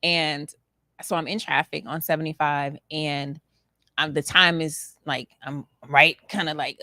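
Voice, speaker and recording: A woman co-hosting a relaxed conversation, with a slightly low voice and a steady, explanatory way of talking. She often affirms her partner and laughs along. The recording is dry and close. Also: moderate pace, dry recording. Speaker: co-host. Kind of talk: casual chat.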